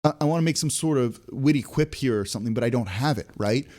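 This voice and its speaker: A man's voice: mid-range voice, fast, a little mellow. A man hosting a sports podcast, ranting in exasperation with many restarts and rhetorical questions. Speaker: podcast host. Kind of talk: frustrated sports podcast rant.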